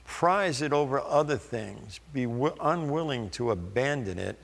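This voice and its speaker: Slow gravelly preacher in a hall. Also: male voice, mid-range voice, animated. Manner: slow, deliberate reading of scripture with pauses. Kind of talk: sermon.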